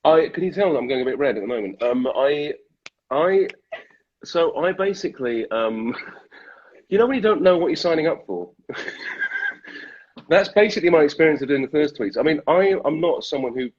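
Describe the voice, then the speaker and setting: A British man, an actor, chatting in an interview, self-deprecating and quick to laugh. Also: on the high side, lively intonation, husky. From Britain. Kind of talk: casual interview chat. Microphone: video call. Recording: dull lo-fi livestream audio.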